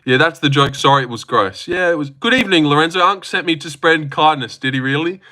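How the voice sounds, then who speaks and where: A man's voice: a little high, a little fast, sharp tone. A man hosting a casual livestream, reading and joking about chat messages. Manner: joking, chatty, reacts to chat messages aloud.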